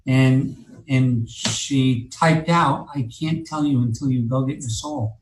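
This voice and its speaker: A man tells a long story in a loose, rambling way, cursing freely and restarting his sentences over and over. His voice sits at an ordinary pitch for a man. It is recorded in an echoey room with a faint hum of ambience behind him. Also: slow pace, few pauses. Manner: rambling, profane, many restarts and fillers. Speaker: guest telling his story. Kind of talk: casual storytelling.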